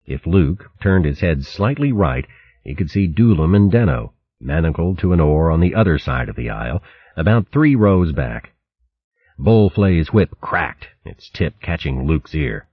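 Deep, husky male storybook narrator. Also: expressive, dry recording. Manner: measured, dramatic storytelling. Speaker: audiobook narrator. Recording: dull dry audiobook recording.

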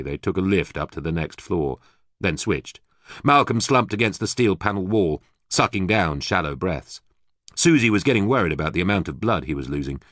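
Guy reading a novel aloud, really low voice, dead dry sound. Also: moderate pace, no echo. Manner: steady, even storytelling. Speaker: narrator. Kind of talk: audiobook narration.

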